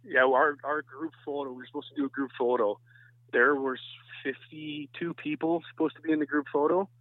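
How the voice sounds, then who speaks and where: A man from Canada, a softball pitcher, telling rambling anecdotes as a podcast guest. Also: steady tone, brisk, dry recording. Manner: rambling anecdotes with many restarts. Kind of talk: casual chat, storytelling. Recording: tinny phone-like line, dry.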